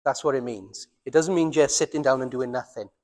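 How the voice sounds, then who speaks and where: A man with a Welsh accent preaching a sermon as pastor, earnest, slowing down and dropping his voice for emphasis. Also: medium pitch, a little mellow, big-room sound. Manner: earnest, slows down and drops to near silence for emphasis. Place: church.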